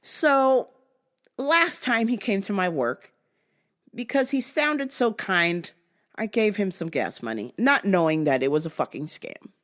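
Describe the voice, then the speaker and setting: A woman's voice: mid-range voice, animated, unhurried, fairly bright tone. A woman hosting her own show, telling a story as a heated, profane rant and acting out both sides of the exchange. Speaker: podcast host.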